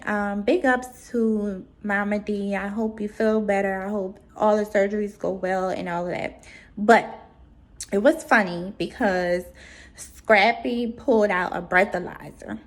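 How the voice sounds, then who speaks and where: A woman talking through reality TV episodes in a loose, unhurried way. She is blunt and sassy, and she swears freely as she roasts people. Her voice sits in a middling pitch. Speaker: reality TV reviewer. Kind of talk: casual recap commentary.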